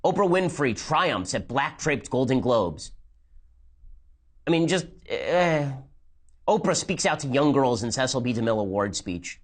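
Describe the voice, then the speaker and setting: A man giving rapid, sarcastic commentary as he reacts to a speech and argues his point. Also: mid-range voice, animated, husky. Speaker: political commentator.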